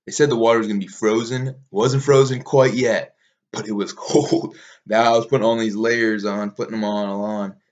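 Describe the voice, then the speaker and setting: A man's voice: lowish voice, steady tone, brisk, a little mellow, lo-fi sound. A man casually recapping a long mountain race, rambling, swearing easily and laughing at himself. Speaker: ultramarathon runner recounting a race.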